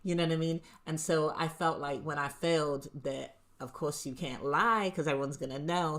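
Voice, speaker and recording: A woman's voice: low-pitched, normal speed, hardly any pauses, a bit bright. A woman co-hosting a talk show, candidly telling a personal story with frequent laughs. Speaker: co-host. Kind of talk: casual chat.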